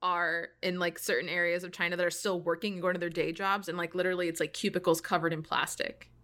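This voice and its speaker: A woman's voice: fairly low pitch, level tone, fast talker, a bit bright. A young American woman hosting a podcast, chatting casually and ranting with plenty of swearing. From United States. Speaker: podcast host. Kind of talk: casual chat.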